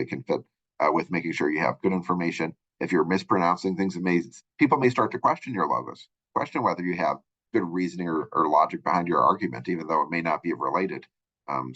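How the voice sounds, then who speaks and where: Man, college instructor, very low voice, rambling recorded lecture, dull lo-fi sound. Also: fast talker, a bit bright. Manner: rambling, filler-heavy explaining.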